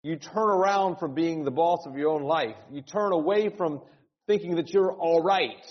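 A man's voice: on the high side, moderate pace. A male pastor preaching an earnest, urgent sermon, often repeating words and rising into cries. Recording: dull sound with long hall reverb.

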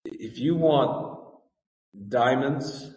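A male pastor delivers a sermon in a large sanctuary, his voice ringing with long reverb as though caught by a microphone well across the room. He reads scripture with rising fervor and then slows into an earnest, deliberate teaching tone, circling back over his own words for emphasis. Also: mid-range voice, darkish tone. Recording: echoey hall, distant mic.

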